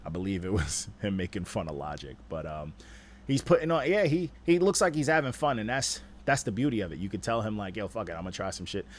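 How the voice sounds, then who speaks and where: A man with a lowish voice gives a loose, slang-heavy critique of rap verses as a stream host. He keeps circling back with "you know what I'm saying" and talks with easy energy. A faint hum of background noise sits under him. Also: big pitch swings, a little fast. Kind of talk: casual critique of rap submissions.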